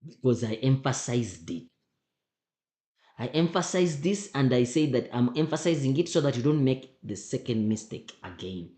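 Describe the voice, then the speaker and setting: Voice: medium pitch, sing-song, moderate pace, warm tone. A teacher going through exam questions, emphatic and often repeating questions back to the class. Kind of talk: exam revision lesson. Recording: roomy echo.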